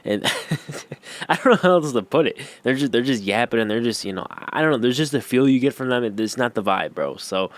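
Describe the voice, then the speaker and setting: A man's voice: mid-range voice, expressive, fairly quick, no room sound. A young man giving a casual on-camera lesson, rambling with lots of fillers and slang. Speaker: YouTube coach. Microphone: camera-facing.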